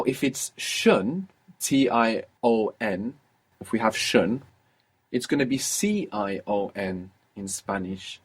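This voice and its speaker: Male tutor, husky, patient and explanatory, talks through rules with hesitations. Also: mid-range voice. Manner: patient, explanatory, with frequent uh fillers. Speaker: language teacher. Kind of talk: recorded language lesson.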